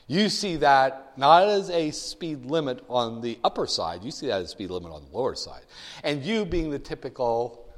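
A man giving a classroom lecture, telling animated, joking stories to make his point. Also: medium pitch. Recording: long reverb of a lecture hall.

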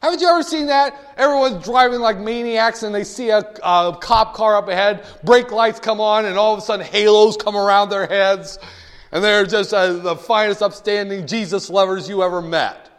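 Animated joking lecturer in a hall. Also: male voice, sits high, moderate pace, smooth. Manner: jokey storytelling, acts out voices.

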